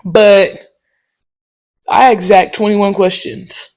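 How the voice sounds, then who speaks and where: A woman hosts her own podcast in a relaxed solo monologue. She tells stories in a loose, slangy and profane way. Her delivery is animated, with quick asides and filler words such as "um" and "okay?". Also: mid-range voice. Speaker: podcast host. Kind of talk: casual solo podcast storytelling.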